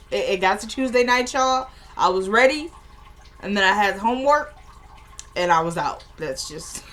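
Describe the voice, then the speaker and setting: A woman's voice: medium pitch, pushed and bright. A young woman recapping a TV episode in casual chat, rambling, laughing often and joking with her viewers.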